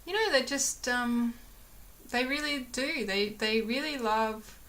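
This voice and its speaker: A young woman talks to her camera in a small room at home, chatty and rambling, full of fillers. Her voice is bright and clear. She slips into little acted-out quotes of what people said. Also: on the high side, slow pace. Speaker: vlogger. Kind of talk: casual chat to camera.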